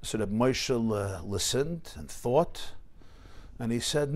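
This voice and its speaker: Animated male rabbi telling stories. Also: medium pitch, slow pace. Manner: animated storyteller mixing in Yiddish and Hebrew terms. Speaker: rabbi teaching a class. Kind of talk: Torah class storytelling. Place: synagogue study hall.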